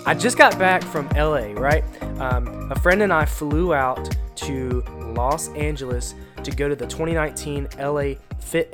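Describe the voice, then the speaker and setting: A man hosting a solo podcast, talking casually with a congested, stuffy nose, rambling and slangy. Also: medium pitch. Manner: rambling, slangy, self-deprecating. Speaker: podcast host.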